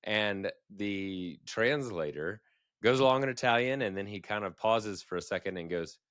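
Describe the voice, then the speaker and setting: A man's voice: fairly low pitch, expressive, moderate pace, fairly bright tone, dry recording, clean studio sound. A man co-hosting a podcast, telling easygoing travel stories in casual chat and chuckling as he talks. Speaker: podcast co-host.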